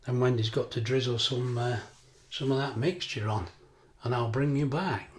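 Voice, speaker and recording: A man's voice: mid-range voice, moderate pace. Chatty older man in kitchen. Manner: chatty, rambling anecdotes, laughs often. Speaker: cooking vlogger. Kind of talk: casual kitchen vlog chat.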